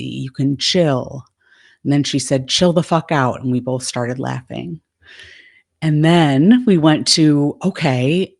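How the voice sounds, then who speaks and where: A woman's voice: rumbling low, darkish tone. Woman coach retelling a session. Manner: retells a session, quoting dialogue back and forth. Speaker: life coach. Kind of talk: casual storytelling monologue.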